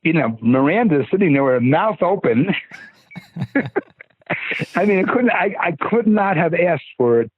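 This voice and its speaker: A man's voice: fairly high pitch, lively intonation, unhurried, long pauses. An older man, a podcast guest, telling stories casually in a rambling way, stammering and restarting his sentences. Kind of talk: casual storytelling. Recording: husky voice over tinny phone-like line.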